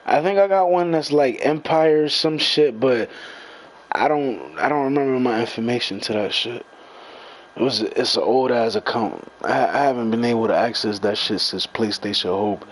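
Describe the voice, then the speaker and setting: A man's voice: medium pitch, poor audio. A young man in an angry, profane rant, repeating himself and confronting the people talking about him. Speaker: gamer venting to followers.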